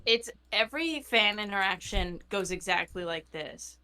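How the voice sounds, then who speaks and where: Young woman, casual gaming chat, animated storyteller, mid-pitched voice. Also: normal speed, clean tone. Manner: chatty, animated storytelling with acted quotes. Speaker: streamer's co-player.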